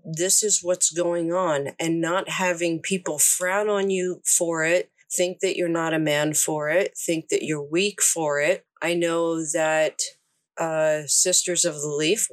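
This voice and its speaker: A woman co-hosting a podcast, talking in a reflective, measured way. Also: low voice, no echo. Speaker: podcast co-host. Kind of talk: casual podcast chat.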